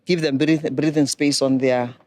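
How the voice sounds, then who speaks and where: Woman, middle-aged, measured, instructive, finance expert. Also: low voice, steady tone, a little mellow, dry recording. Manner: measured, instructive, poses questions to listeners. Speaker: banking and microfinance expert guest. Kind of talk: explanatory advice talk.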